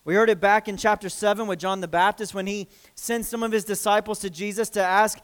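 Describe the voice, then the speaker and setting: A man delivering an earnest sermon from the pulpit in a notably high voice. His tone is smooth and clear, and he often restarts his phrases as he works through the scripture. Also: fairly even intonation, fairly quick. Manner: earnest preaching with frequent restarts and acted quotes. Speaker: pastor.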